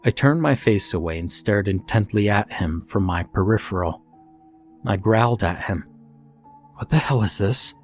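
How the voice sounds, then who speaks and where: Low-voiced man narrating horror. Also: darkish tone. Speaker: storyteller.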